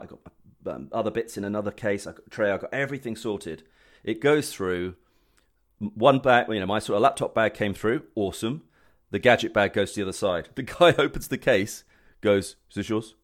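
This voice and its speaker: A man's voice: on the low side, a little fast. A man telling a travel story and chatting about gadgets on a casual show, rambling with restarts. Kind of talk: casual chat.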